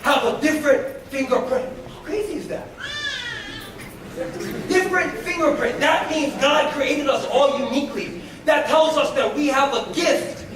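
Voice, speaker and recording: Motivational speaker, a man with a very high voice, preaching fervently and shouting at times, recorded from afar in an echoey school hall. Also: recorded from a distance, slight background noise. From United States. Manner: fervent, leads call-and-response, breaks into shouts. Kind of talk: preaching inspirational talk. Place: school hall before a live audience.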